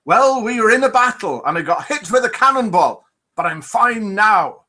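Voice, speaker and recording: Figure: a jolly, battered pirate man, cheerfully shrugging off his injuries, read aloud by a man in a joke. The voice is pitched well above a normal speaking voice, bright and lively, and its high, excited storytelling sweeps up and down. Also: moderate pace, exaggerated voice.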